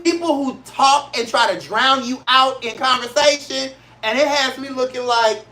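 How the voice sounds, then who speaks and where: A man's voice: extremely high pitch, normal speed, pushed and bright. A man from St. Louis hosting his own show, talking in an emphatic, blunt and profane way and repeating his points for effect. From St. Louis, Missouri, USA. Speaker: show host. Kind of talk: casual solo talk-show rant.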